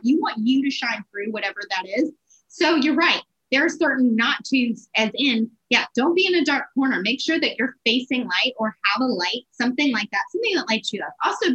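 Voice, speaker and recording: Energetic woman, fairly high voice, upbeat sales-coach interview guest. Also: lo-fi sound. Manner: energetic, animated, quick bursts. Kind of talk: casual interview advice.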